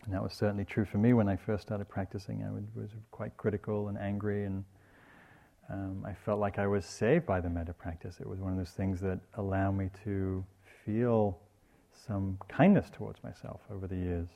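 A man giving a dharma talk as a meditation teacher, in a gentle and reflective teaching tone. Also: on the low side, flat delivery, moderate pace, vocal fry. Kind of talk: dharma talk on loving-kindness.

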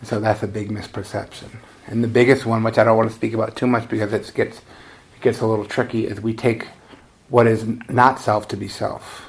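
Guy giving a laid-back dharma talk, gravelly voice, chuckles a lot, self-deprecating. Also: on the low side, brisk. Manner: relaxed, conversational, self-deprecating, often laughing. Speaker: meditation teacher.

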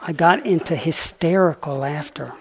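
Male dharma teacher, animated storyteller, voice sinks to a soft hush for key lines. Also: fairly high pitch, moderate pace, breathy edge. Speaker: meditation teacher. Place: meditation retreat hall.

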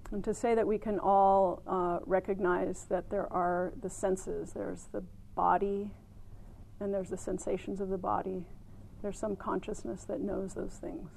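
A woman meditation teacher giving a gentle, unhurried dharma talk at a retreat center, with many ums and light laughter at her own stories. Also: mid-range voice, little pitch movement, creaky, a little hiss or hum, low-quality recording.

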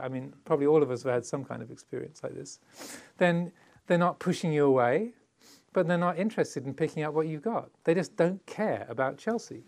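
Man giving a relaxed Dharma talk. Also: fairly high pitch, gravelly. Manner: conversational, playful, laughs often; acts out little quoted voices. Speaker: meditation teacher.

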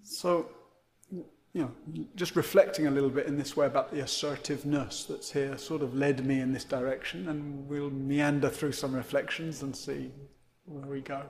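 A man's voice: mid-range voice, steady tone, normal speed, darkish tone. A man giving a meandering, reflective dharma talk as a meditation teacher, often checking in with "right?". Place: meditation center.

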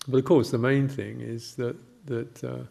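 An older man, a Buddhist monk, giving a gentle, halting reflective talk with anecdotes and soft laughs. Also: mid-range voice, flat delivery, vocal fry.

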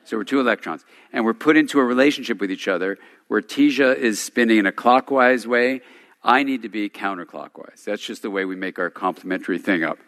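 A man's voice: lowish voice, a little fast, a bit bright. A man teaching at a day retreat, talking informally and telling stories with chuckling asides. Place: meditation center hall. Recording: long hall reverb.

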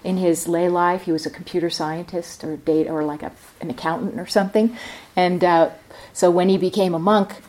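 A woman's voice: lowish voice, steady tone, brisk, a little mellow. A woman meditation teacher giving a reflective dharma talk at a retreat center, thinking aloud as she explains.

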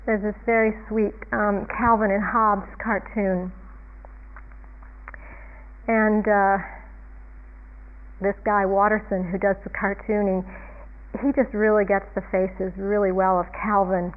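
A woman giving a reflective, unhurried Buddhist dharma talk as a meditation teacher, chuckling often. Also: mid-range voice, flat delivery. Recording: tinny phone-like line.

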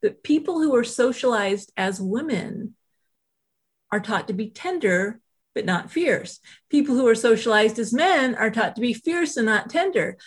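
Husky, higher-pitched woman telling stories. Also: measured pace. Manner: animated, acts out quoted voices, frequent "you know" asides. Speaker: author and self-compassion teacher, interview guest. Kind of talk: storytelling in a conversational interview.

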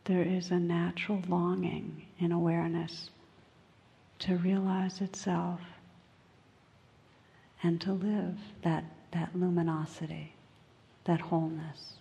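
A woman meditation teacher giving a dharma talk, gentle and unhurried and often dropping to a whisper, recorded in a large meditation hall. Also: on the low side, little pitch movement, gravelly.

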